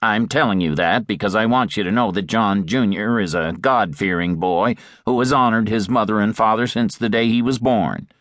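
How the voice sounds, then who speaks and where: A man voicing a big, earnest Midwestern father in his forties, speaking slowly with a Midwestern accent and quiet pride. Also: on the low side, no echo, studio quality, close to an everyday voice. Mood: earnest, proud. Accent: Midwestern American. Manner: earnest, slow, proud.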